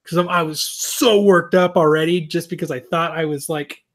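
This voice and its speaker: A man co-hosting a podcast, telling a long story in a casual, animated, self-mocking way, with plenty of swearing. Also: fairly high pitch, moderate pace. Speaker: podcast co-host.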